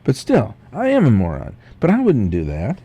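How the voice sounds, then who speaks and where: Animated, teasing radio co-host man. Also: medium pitch, normal speed, breathy edge. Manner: playful, insistent. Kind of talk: casual on-air banter.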